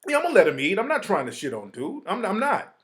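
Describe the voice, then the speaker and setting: A man hosts his own show in a casual, streetwise monologue, his fairly high voice rising and falling with lively swings. He slips into quick impressions of other people as he talks. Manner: animated, streetwise slang, mimics others. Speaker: host.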